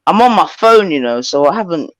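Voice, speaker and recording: A man's voice: on the high side, sing-song, brisk, fairly bright tone. A man, hosting a livestream and chatting in a casual, joking way with slang. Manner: laid-back, joking, slangy. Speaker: livestream host.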